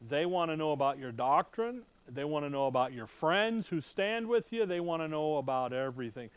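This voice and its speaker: A man's voice: fairly high pitch, animated, normal speed, clean tone, dry recording. A man teaching a conversational sermon to a room of listeners, talking casually with rhetorical questions and wry asides. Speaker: Bible teacher. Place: room with a live audience.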